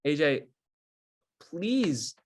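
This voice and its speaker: A man on a casual podcast makes dry, teasing remarks. His voice sits a little high, and the pitch swings widely. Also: very animated, drawn-out words, a crowd in the background. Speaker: podcast co-host. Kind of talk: casual chat.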